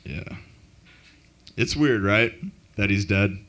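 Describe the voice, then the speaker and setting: A man doing a deadpan, self-mocking stand-up comedy set at an open mic in a club. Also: on the low side, slow, a little hiss or hum.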